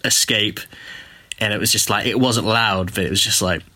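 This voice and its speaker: A man's voice: on the low side, moderate pace, bright, forceful tone, dry recording. A man telling an embarrassing story in a voice message, hesitant and full of restarts. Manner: hesitant, lots of ums and restarts, laughing. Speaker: listener sending a voice message. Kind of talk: rambling anecdote.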